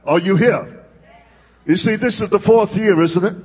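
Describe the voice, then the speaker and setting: A male pastor preaching a sermon in a church sanctuary, with drawn-out, emphatic phrasing and call-and-response to his congregation. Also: high voice, husky, in a large hall.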